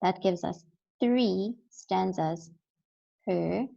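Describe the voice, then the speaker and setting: A woman's voice: medium pitch, extremely slow, creaky, dark tone, highs cut off. A woman teaching a recorded lesson, explaining step by step and often checking in with "right?".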